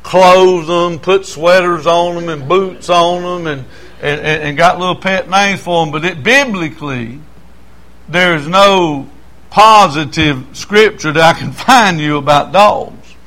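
Folksy older preacher. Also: male voice, on the high side, a little slow, bright, forceful tone. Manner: folksy storytelling, stammering restarts. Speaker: pastor. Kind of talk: sermon.

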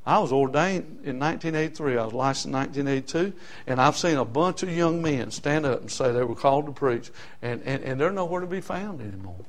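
A male pastor preaching a sermon, shifting from hushed storytelling to shouted exhortation. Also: medium pitch, animated, brisk.

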